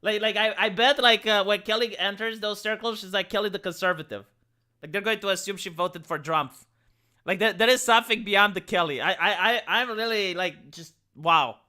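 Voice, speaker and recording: A man from Romania, live streaming his reaction to a video, comments casually while stammering, restarting and using many filler words. His high voice has a sharp tone and a normal pace.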